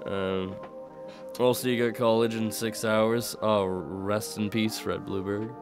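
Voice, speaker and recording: A man's voice: lowish voice, fairly even intonation, unhurried, over music. A young man who grew up in the UK, talking in a mixed American-sounding accent, chatting casually on a stream, rambling and laughing, with light swearing. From United Kingdom. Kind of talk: casual chat to live chat.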